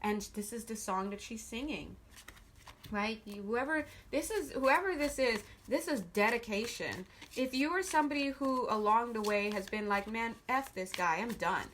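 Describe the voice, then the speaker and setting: Sitting at a table, a woman reads tarot casually, her fairly high voice lively and bright, her intonation swinging widely as she speaks bluntly and swears freely. She talks at a normal speed. A camera filming the cards picks her up, with a little hiss or hum in the background.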